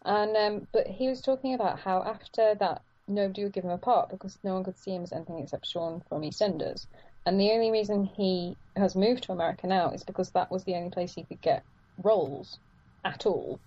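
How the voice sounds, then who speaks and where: Mellow-voiced woman, chatty. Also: mid-range voice, fairly quick, dry recording, highs cut off. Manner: rambling, many restarts, laughs often. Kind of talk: casual chat.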